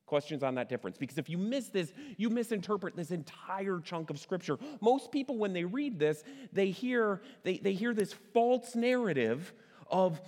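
Conversational pastor preaching in a reverberant hall. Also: male voice, high-pitched, big pitch swings, darkish tone. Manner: conversational, asks the audience questions, stresses words by slowing down. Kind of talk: sermon.

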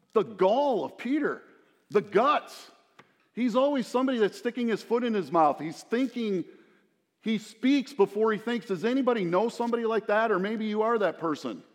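Middle-aged male pastor, slightly high voice, chatty storytelling sermon, long reverb tail. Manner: conversational, storytelling preacher with asides to the congregation.

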